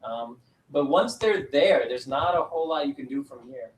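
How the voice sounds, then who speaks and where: A man, a lawyer and guest on a talk show, explaining legal rules in a calm, clear way. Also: medium pitch, moderate pace, rough recording. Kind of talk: explaining law in an interview.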